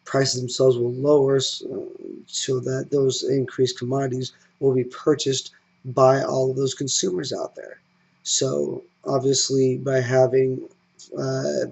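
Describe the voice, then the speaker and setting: Male commentary host, hoarse from a cold, flat delivery, dull lo-fi recording. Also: mid-range voice. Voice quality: hoarse, gravelly. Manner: measured, explanatory, with fillers and restarts. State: getting over a cold. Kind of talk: solo economic commentary.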